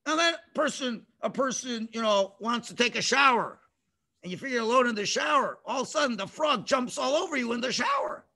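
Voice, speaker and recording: A man teaching children through a story over a video call, animated and playful, with sound effects. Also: very high-pitched, fairly quick, gravelly.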